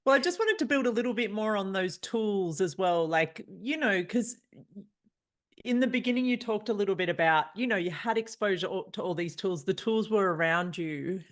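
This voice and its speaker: A woman with a mid-pitched voice asks a long, loose question over a video call. Her question is full of "like" and "you know" as she works her way to the point. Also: expressive, normal speed. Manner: rambling questions with many "like" and "you know" fillers. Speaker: interviewer. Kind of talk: casual interview question.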